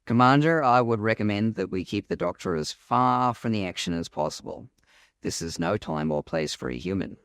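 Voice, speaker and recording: A man voicing a wary male alien opposition leader who speaks in a cautious, measured way in a fan audio drama. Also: on the low side, expressive, a bit bright, no room sound, studio quality.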